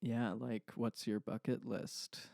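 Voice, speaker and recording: A man's voice: mid-range voice, fairly even intonation, slow pace, gravelly, a little mellow, no echo, studio quality. Laughing, rambling young man on a podcast. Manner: rambling, self-deprecating storyteller with frequent laughs. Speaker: podcast co-host. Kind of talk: casual chat.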